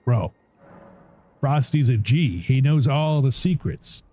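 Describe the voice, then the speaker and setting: A man's voice: medium pitch, expressive, slow pace, mellow. A man streaming a game live, chatting casually in a rambling way, swearing and laughing often. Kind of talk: casual live gameplay chat.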